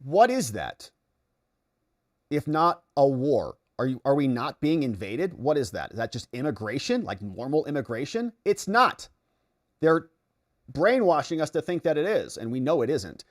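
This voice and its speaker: A man from the United States hosts a political commentary livestream, reacting to viewer chat in a mid-pitched voice. His intonation leaps around. It jumps from loud, excited bursts to quiet, muttered asides. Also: moderate pace. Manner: animated, swings between excited outbursts and low mutters. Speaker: livestream host.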